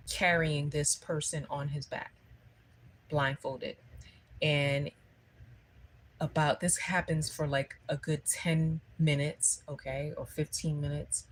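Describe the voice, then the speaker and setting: A woman's voice: low-pitched, rough recording. A woman giving a spiritual livestream talk, telling a story conversationally and often checking in with her listeners. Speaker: spiritual speaker.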